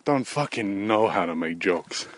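A man hosting a solo podcast, rambling through offhand comic musings with frequent swearing and a deadpan delivery. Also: fairly low pitch, unhurried, dry recording. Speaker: podcast host.

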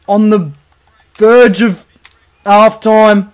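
A young Australian man calling his own football video game, jumping from quiet muttering to loud cheering when goals go in. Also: high-pitched, clean tone. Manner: swings from muttered asides to shouted goal calls. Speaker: gaming commentator. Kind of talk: excited play-by-play over a football video game.

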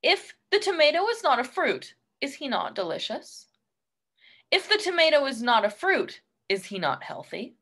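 A solemn, cryptic old sage of the kitchen produce, as a woman reading a picture book puts him on. He speaks in grand riddles, and his pitch rises and falls in wide, lively swings. It sounds like a storybook read aloud. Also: moderate pace, heavily acted.

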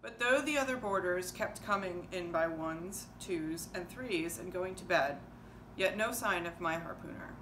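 A woman giving an expressive, measured public reading of a novel in a museum hall. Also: lowish voice, far from the mic. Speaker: volunteer reader. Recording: roomy hall with ambient noise.

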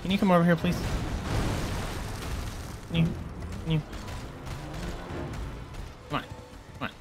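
A man streaming a game live, commentating excitably, swearing freely and taunting the enemies on screen. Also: fairly high pitch, unhurried, over music.

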